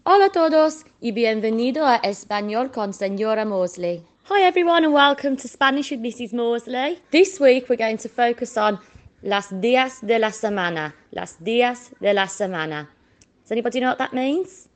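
A woman teaching children a Spanish lesson, slowly drawing out each word for them to repeat. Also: a little high, lively intonation. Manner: slow, drawn-out modelling of words for repetition.

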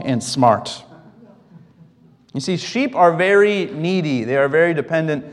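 A man's voice: on the high side, big-room sound. A young adult man giving a conversational sermon as a pastor, telling stories and asking the congregation questions.

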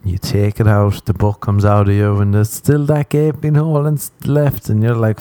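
A man's voice: fairly low pitch, flat delivery, moderate pace, dark tone, no echo. A man hosting a podcast, telling crude, rambling stories and acting out the quotes in a casual comic monologue. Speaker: podcast host.

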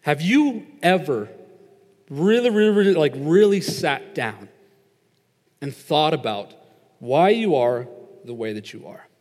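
A man's voice: fairly high pitch, expressive, measured pace, long pauses, a little mellow. A young man giving a casual sermon, telling a story in a chatty way with lots of filler words. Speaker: preacher. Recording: long reverb of a large hall.

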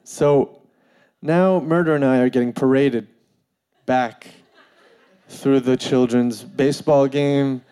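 A man telling a funny personal story in an animated way, full of fillers and laughing as he goes. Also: mid-range voice, slow pace, long pauses, smooth. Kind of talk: comedic storytelling.

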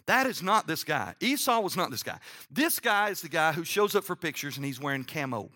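Animated middle-aged pastor with a bright voice. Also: male voice, a little fast. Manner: animated storytelling with sudden drops to a hushed, low voice; reads scripture aloud, acting out the characters' lines. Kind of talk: sermon.

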